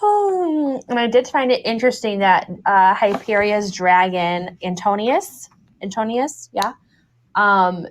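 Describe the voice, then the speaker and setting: A woman's voice: medium pitch, measured pace. A woman co-hosting a book review podcast, chatting casually and acting out quotes from the book. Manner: animated, acts out quotes from the book. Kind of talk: casual chat.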